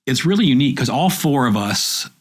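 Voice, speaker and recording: A man's voice: medium pitch, big pitch swings, a little fast, husky. A man, a journalist, chatting in a rambling, enthusiastic storytelling way. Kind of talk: casual chat.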